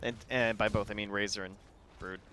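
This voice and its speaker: A man's voice: lowish voice, fairly even intonation, fairly quick, sharp tone, faint music behind. A man giving analytical esports commentary, thinking aloud about drafts and items.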